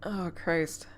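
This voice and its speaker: A woman's voice: fairly low pitch, a little hiss or hum. A young woman chatting casually on a livestream, tearful and laughing between words. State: tearful, crying. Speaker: streamer. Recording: faint background music.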